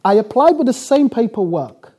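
A preacher from South Africa telling his story in a sermon, acting out the dialogue and breaking into quick laughs. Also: very high voice, big pitch swings, mellow, husky.

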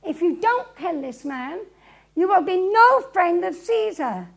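A woman preacher voicing a stern man from an angry crowd, who speaks loudly and emphatically. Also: extremely high pitch, very animated, measured pace, vocal fry, pitched above the performer's own voice, heavily acted. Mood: demanding. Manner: loud, emphatic.

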